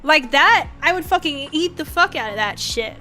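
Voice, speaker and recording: A woman's voice: high voice, moderate pace, faint music behind. A young woman streaming, chatting casually and swearing a lot as she rambles through stories. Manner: sweary, rambling, animated storytelling. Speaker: vtuber streamer.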